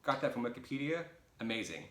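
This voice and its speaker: A man's voice: mid-range voice, very animated, fast, pushed and bright, reverberant. A middle-aged American man casually rambling through a viewer Q&A, chatty and self-deprecating, with jokey asides, in his boyfriend's home. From United States. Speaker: vlogger answering viewer questions.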